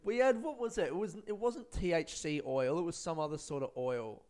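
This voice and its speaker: A young male comedian talks loosely into a podcast mic, swearing freely as he rambles. His voice sits a little high for a man and comes across smooth and clear. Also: brisk, darkish tone. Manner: rambling, laid-back, heavy swearing. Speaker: stand-up comedian and podcast host. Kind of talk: casual solo podcast monologue. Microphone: podcast microphone.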